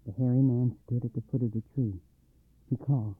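Husky man reading a folktale. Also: a little fast, no echo. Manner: expressive, varies pitch and volume. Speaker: storyteller. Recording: dry tinny phone-like line.

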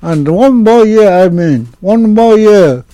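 An older man telling an oral history hunting story in halting, broken English, with many restarts. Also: sits high, expressive, warm tone, no room sound, low-quality recording. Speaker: interviewee.

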